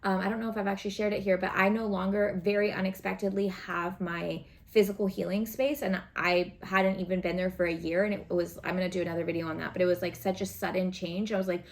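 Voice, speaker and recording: Here a tarot reader talks to camera at a quick clip with few pauses, her medium-pitched voice staying level. Her casual reading is earnest and chatty, with a coaching, encouraging feel and frequent "right?" and "okay?" check-ins.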